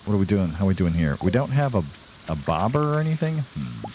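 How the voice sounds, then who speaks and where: Tired young guy narrating his farm game, low voice that bounces all over, chatty and joking at himself. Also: sing-song, quick pace, darkish tone, a little hiss or hum. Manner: chatty, self-deprecating, talks to viewers. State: tired, yawning. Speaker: let's play host. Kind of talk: casual gameplay commentary.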